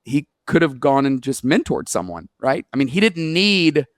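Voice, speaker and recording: Male author as interview guest; earnest anecdote-driven talker, mid-pitched, close and dry. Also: very animated, moderate pace, no echo. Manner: earnest storyteller, acts out quoted dialogue. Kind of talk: conversational interview.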